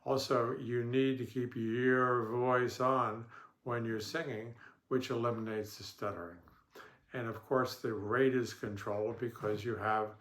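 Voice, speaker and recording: A man speaking as a stuttering therapist, giving a calm instructional talk in slow, deliberate phrases with pauses and the odd throat-clear. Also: mid-range voice. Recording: echoey room.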